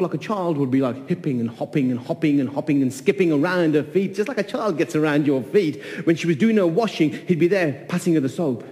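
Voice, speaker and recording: A man telling a folk tale in an animated way, repeating phrases and voicing the characters. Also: fairly high pitch, in a large hall. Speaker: storyteller. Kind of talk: oral folk-tale storytelling.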